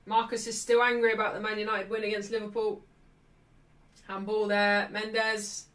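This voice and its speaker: A woman hosting a live football watchalong, chatting cheekily and shouting out at refereeing calls. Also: medium pitch, flat delivery, normal speed, far from the mic. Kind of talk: live match watchalong commentary.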